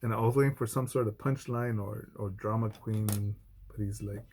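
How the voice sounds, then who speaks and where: A former Marine speaks to camera in a loose, profane monologue, his voice dark and mellow. He tells his story bluntly, breaking off and restarting his sentences, while faint music plays underneath. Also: steady tone, normal speed. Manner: mimics others in a high mocking voice. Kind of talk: unscripted vlog monologue.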